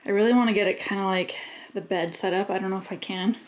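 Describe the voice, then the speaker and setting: A woman's voice: medium pitch, fairly even intonation, quick pace. A woman in her thirties vlogging casually while moving house, chatty, out of breath and laughing often. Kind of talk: casual vlog chat.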